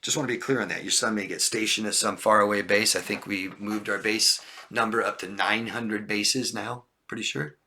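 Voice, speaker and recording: A man with a bright, forceful voice gives blunt advice on a livestream. He talks straight to his viewers, hammers home his points and keeps asking "okay?" to check they follow. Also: on the low side, steady tone, normal speed, hardly any pauses, slight background noise. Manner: direct, repetitive, checks in with "okay?". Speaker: life coach. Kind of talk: livestream advice talk answering viewer questions.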